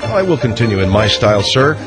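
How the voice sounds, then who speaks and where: A man's voice: sing-song, a little fast, loud music behind the voice. Wisecracking male radio host. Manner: wisecracking, sarcastic, drifts between pitches while reading letters. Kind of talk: reading listener mail on air.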